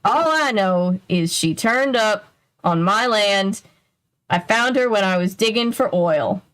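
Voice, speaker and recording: A woman voicing a greedy, smug Texan rancher man with a put-on Texas accent and a slow drawl. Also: medium pitch, animated, fairly bright tone.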